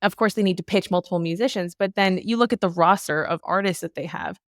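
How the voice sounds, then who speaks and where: A woman's voice: lowish voice, fast, no echo. Canadian female podcast host, chatty and easygoing, close dry sound. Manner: chatty, laughs often. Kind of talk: casual podcast conversation.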